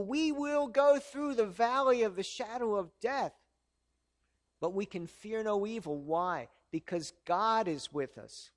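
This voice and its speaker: A man's voice: high voice, a little slow. A man preaching a sermon in an earnest, conversational way, asking his listeners rhetorical questions. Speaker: pastor.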